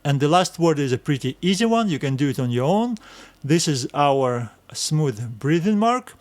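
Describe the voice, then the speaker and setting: A man with a somewhat high-pitched voice teaches a recorded language lesson. He explains patiently and methodically, spelling out letters one at a time and repeating words for practice. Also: very animated, moderate pace. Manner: patient step-by-step explaining, naming letters aloud.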